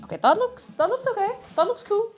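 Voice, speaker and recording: A woman's voice: very high voice, animated, quick pace, faint music behind. A woman streaming as she bakes, chatting casually and mocking herself with giggles and flustered apologies from her home kitchen. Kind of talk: casual live-stream chat while baking.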